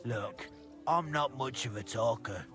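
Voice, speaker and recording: An actor voicing a burly, blunt medieval brawler who talks curtly in video game dialogue. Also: male voice, medium pitch, measured pace, fairly bright tone, soft background music, lightly acted. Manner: curt, plain-spoken.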